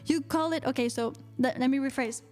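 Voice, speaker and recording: A woman with a very high voice and a Quebec French accent hosts a live-streamed radio chat show. She talks playfully and theatrically, answering viewer comments and dropping in constant uh-huhs and mm-hmms. Faint music plays under her voice. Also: a little fast, a little mellow. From Quebec, Canada.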